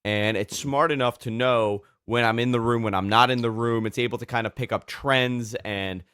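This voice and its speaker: A man's voice: medium pitch, fairly even intonation, normal speed, a bit bright, smooth, dry recording, studio quality. A middle-aged man co-hosting a casual tech podcast, chatty and stumbling through restarts. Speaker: podcast co-host.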